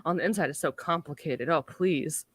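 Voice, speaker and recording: A woman's voice: low-pitched, moderate pace, breathy edge, no echo. A woman voicing a jovial, childlike male alien presence in a sing-songy manner during a podcast read-through.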